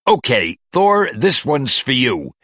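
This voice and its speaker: A man's voice: medium pitch, wildly swooping pitch, takes it slowly, a bit bright, dry recording, clean studio sound, voice pushed up, full character voice. A man reading a storybook aloud and voicing a cheerful, fashion-loving superhero woman in a chatty manner. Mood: chirpy.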